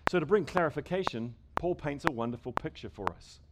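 Preaching an emphatic sermon at a church service, a male pastor fires rhetorical questions at the congregation. His fairly high-pitched voice is expressive and brisk, against loud background noise and clicks.

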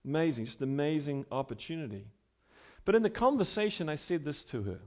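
A male pastor preaching a sermon in a conversational way, building to emphatic points and then dropping quiet. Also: on the high side, very animated, fairly quick.

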